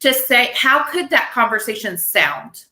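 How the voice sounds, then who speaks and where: A woman panelist on a talk show, asking questions in a measured way. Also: on the high side, very animated, sharp tone. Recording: echoey room.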